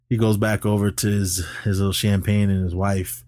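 A man's voice: fairly low pitch, brisk, hardly any pauses, dry recording, clean studio sound. A man co-hosting a podcast, casually recapping a movie plot and acting out the characters' lines. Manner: animated retelling, acts out characters' lines. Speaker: podcast co-host.

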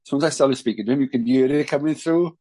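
A man's voice: medium pitch, racing. Chatty Welsh man telling stories. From Wales. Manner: chatty, animated storyteller. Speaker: guest musician. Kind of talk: casual podcast chat.

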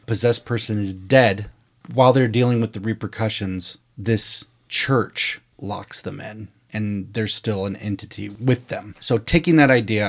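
Profane storytelling man, low voice. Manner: storytelling, acting out quoted dialogue; profane, candid. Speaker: screenwriter. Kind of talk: casual podcast conversation.

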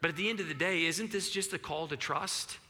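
A man preaching a sermon in a conversational, animated way, acting out the questions he quotes. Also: on the high side, a little fast, big-room sound. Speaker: pastor.

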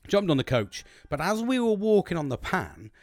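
A man's voice: sits high, big pitch swings, moderate pace, darkish tone, no room sound, faint music behind. A British man casually telling a long story about his dreams, swearing constantly and laughing as he goes. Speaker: host recounting his dreams.

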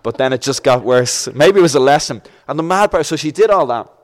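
A man's voice: fairly high pitch, a little fast. A young Irish man from Dublin, guest on a chat show, telling a long anecdote and acting out the voices in it. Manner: animated, acts out voices in his anecdote. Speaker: podcast guest. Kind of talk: casual storytelling.

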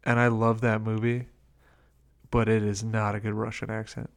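A man's voice: fairly low pitch, completely flat delivery, normal speed. Man in casual movie-review banter. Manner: dry, recounts scenes with quoted lines.

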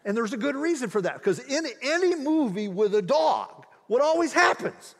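A man preaching a sermon, telling stories with big, excited jumps in his voice, then slowing to hushed, weighty emphasis. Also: very high voice, long reverb tail. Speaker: pastor.

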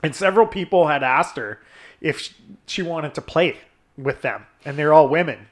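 A man's voice: fairly high pitch, moderate pace. A man hosting a podcast, telling a crude story in casual chat, laughing often and swearing freely. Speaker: podcast host.

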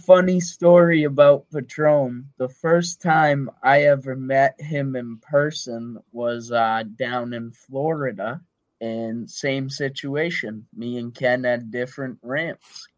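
A man from the northern US telling a profane, animated story in casual chat, acting out the other people's voices. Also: mid-range voice, slow pace, dry recording, lo-fi sound.

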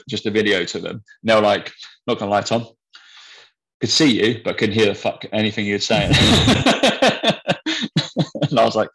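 A man's voice: lowish voice, a bit bright, rough recording. Blunt, swearing man telling a story. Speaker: podcast co-host. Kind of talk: casual chat.

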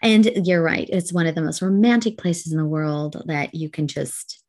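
A woman's voice: deep voice, moderate pace, a little mellow. A woman from Canada co-hosting a podcast, telling a story in casual chat, swearing freely and laughing often. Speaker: podcast co-host.

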